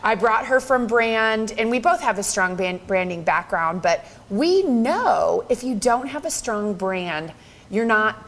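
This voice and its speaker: A woman's voice: a little high, animated, a little slow, fairly bright tone. A woman in her thirties presenting a live business workshop, bubbly and encouraging, laughing often. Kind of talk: upbeat live workshop talk.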